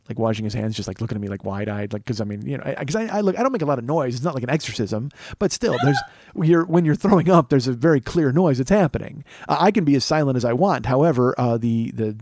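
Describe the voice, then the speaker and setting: A man in his forties telling a comedic story, rambling and profane, correcting himself as he goes. His voice sits mid-pitch and sounds dry and close to the mic with no room sound. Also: darkish tone, no room sound. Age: 40s. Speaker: podcast host.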